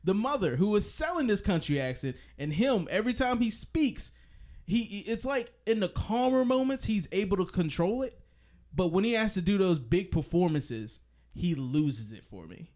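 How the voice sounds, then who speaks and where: Animated high-pitched man reviewing a movie. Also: normal speed. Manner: animated, laughing, pushes to finish his point. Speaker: podcast co-host. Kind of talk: casual movie-review chat.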